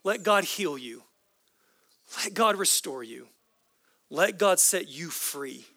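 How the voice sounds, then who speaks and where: A man's voice: sits high, lively intonation, takes it slowly, creaky, bright, forceful tone, no room sound. A man preaching a sermon as a pastor, with an impassioned, repetitive preaching cadence.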